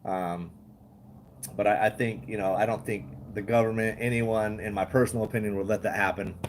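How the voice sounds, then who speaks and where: A man's voice: on the low side, fairly even intonation, brisk, a little hiss or hum. A man hosting a casual livestream, rambling, chuckling often and swearing freely. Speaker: livestream host.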